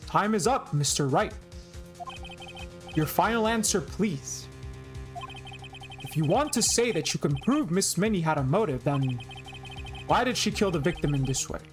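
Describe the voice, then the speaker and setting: A woman's voice: on the low side, expressive, a little slow, long pauses, soft background music. A woman voicing a stern, ruthless young female prosecutor in a put-on German accent, haughty and clipped. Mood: cold, taunting.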